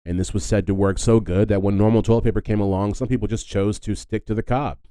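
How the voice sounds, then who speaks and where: Low, dark-voiced man rambling. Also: steady tone, quick pace, smooth, no room sound. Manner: rambling, chatty, lots of fillers and asides. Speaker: podcast host. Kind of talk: casual solo history podcast.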